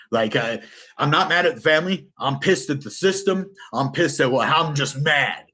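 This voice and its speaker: A man's voice: mid-range voice, lively intonation, a little fast, sharp tone. Earnest rambling middle-aged man. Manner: rambling, restarts and self-corrections; earnest and emotional. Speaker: vlogger telling his life story. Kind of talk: casual personal storytelling.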